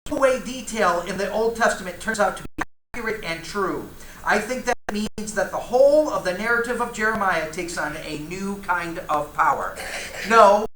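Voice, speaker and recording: A man leads a church Bible class, reading passages aloud and turning to his students with casual asides. His voice is bright and forceful. The room is roomy and echoey, with a faint hum of ambience behind him. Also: high-pitched, normal speed.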